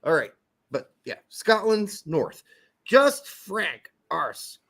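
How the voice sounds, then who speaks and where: A man co-hosting a soccer podcast, talking in loose, joking banter that drifts into asides and cheerful swearing. His voice sits fairly high, and his pitch swings widely as he talks. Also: sing-song, slow, gravelly, fairly bright tone, slightly rough.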